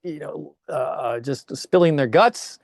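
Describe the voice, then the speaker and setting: A man's voice: fairly high pitch, unhurried, vocal fry, no echo, studio quality. An older man, a podcast guest, chatting casually and telling rambling anecdotes with quoted voices. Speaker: podcast guest, longtime teacher in Japan. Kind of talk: casual storytelling chat.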